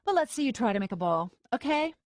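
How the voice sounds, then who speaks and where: A woman's voice: a little high, sing-song, fast, no echo, clean studio sound, pitched above the performer's own voice. A woman voicing a confident young female mentor who teaches magic with bossy, teasing remarks. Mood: instructive.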